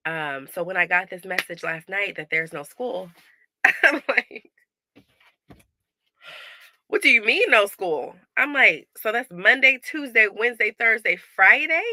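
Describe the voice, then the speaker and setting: A woman's voice: low-pitched, creaky, no room sound. A woman parenting coach talking candidly to her viewers in a casual vlog, recorded in a small closet at home. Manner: chatty, candid, animated asides to viewers. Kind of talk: casual direct-to-camera vlog.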